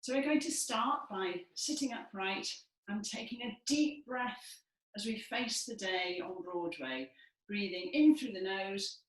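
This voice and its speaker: A woman, possibly from Wales, leading a guided breathing and vocal warm-up in a lively, encouraging, playful way. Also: mid-range voice, unhurried, distant mic. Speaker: dance and movement leader. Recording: echoey room from afar.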